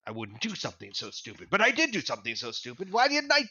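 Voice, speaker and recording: A scatterbrained old wizard-sage who rambles on in a pompous, huffy voice and keeps jumping into shrill, indignant highs, as a man puts him on. The tone is bright and lively, on dry, slightly dull stream audio. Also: fast, slightly rough, dry recording, heavily acted. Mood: flustered. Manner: rambling, indignant, high-pitched outbursts.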